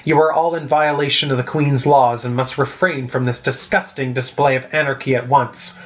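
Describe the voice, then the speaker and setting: A man's voice: mid-range voice, steady tone, moderate pace, muffled recording, lightly acted. A man voicing a haughty teenage lord who serves as a royal emissary, speaking in a stern, commanding way.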